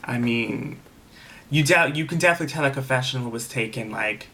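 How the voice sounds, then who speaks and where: A man's voice: medium pitch, a little fast, gravelly, sharp tone. A man casually recapping a reality TV episode, chatty and gossipy, swearing freely and saying "like" a lot. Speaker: TV episode reviewer.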